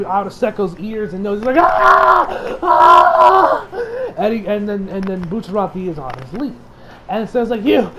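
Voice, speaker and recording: A man with a fairly high voice rambles through an anime episode recap, full of filler words and casual swearing. He gets excitable as he retells the action. A steady hiss of noise runs under the home recording. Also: poor audio. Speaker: anime reviewer.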